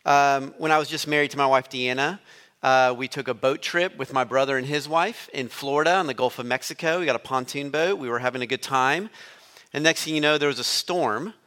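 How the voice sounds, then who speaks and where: A man's voice: medium pitch, fairly quick, bright, forceful tone. A man preaching a sermon as a guest, telling a story in a conversational way.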